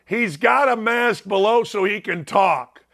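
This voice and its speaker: A man with a Northwest Indiana accent gives brash, mocking sports talk commentary in a fairly high voice. He pushes his volume up and slips into shouts, and his tone stays sarcastic and combative. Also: measured pace, gravelly. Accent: Northwest Indiana (Gary). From Northwest Indiana, USA. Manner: loud, mocking, lively, swings into shouting. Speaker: sports talk show host.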